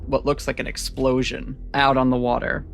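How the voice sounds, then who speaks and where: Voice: medium pitch, flat delivery, normal speed, vocal fry, faint music behind. A game master narrating a tabletop role-playing scene in a casual, filler-heavy way.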